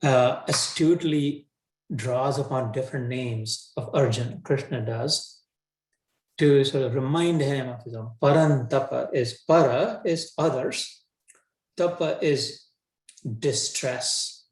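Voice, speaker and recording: A man's voice: medium pitch, slow pace, darkish tone. A man teaching a scripture session in a casual, colloquial way, often restarting his sentences. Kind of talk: conversational scripture lecture. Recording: roomy echo.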